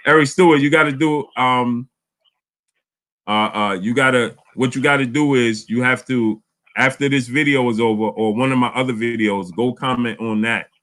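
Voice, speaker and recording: A man hosting a casual live boxing chat, animated, often repeating words. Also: mid-range voice, normal speed. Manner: animated, repeats words, reads super chats aloud. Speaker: boxing channel host.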